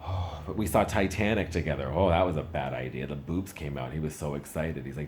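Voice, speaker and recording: Very deep-voiced man doing stand-up. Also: fast talker, few pauses, a little mellow, a little hiss or hum. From Canada. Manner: chatty and self-mocking, voice jumps up for punchlines. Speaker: stand-up comedian. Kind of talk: stand-up comedy set.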